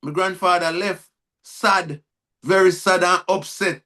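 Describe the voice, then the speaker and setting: A Jamaican man speaks with a high voice for a man as he tells his life story in an interview. His speech loops back on itself, with words repeated and phrases restarted. He slips into Patois when he retells conversations. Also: fairly even intonation, unhurried, pushed and bright. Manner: repetitive, restarts words, acts out quoted dialogue in Jamaican Patois. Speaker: guest, reggae artist.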